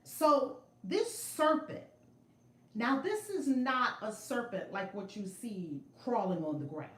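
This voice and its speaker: A middle-aged woman tells a story to her livestream viewers, animated and emphatic, often repeating herself. Her voice sits in an ordinary middle range. The phone mic picks up a roomy echo from her room at home. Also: medium pitch, measured pace. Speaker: spiritual vlogger. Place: home room with altar and shelves. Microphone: phone camera.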